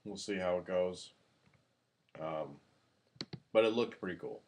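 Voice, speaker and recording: A man co-hosting a casual podcast, animated and profane, who has the hiccups. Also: deep voice, measured pace, slight background noise. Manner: animated, swears freely, gets loud when worked up. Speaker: podcast co-host.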